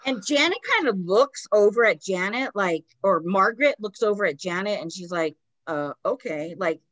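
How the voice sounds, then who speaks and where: A woman's voice: mid-range voice, normal speed, a bit bright, no room sound. A woman, a podcast host, retelling a story in a loose, casual chat full of "like" fillers.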